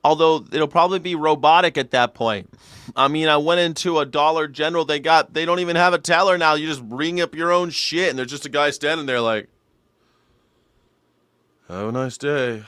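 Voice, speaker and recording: A man's voice: fairly high pitch, a little fast, fairly bright tone, clear, resonant tone, no room sound. A man hosting a news reaction show, rambling and joking with profanity and silly voices. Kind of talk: casual comedic commentary.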